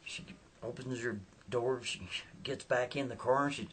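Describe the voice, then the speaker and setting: A man with a mid-range, fairly bright and slightly rough voice speaks at a moderate pace with fairly even intonation. He tells a story in a folksy, chatty style, often turning aside to the listener.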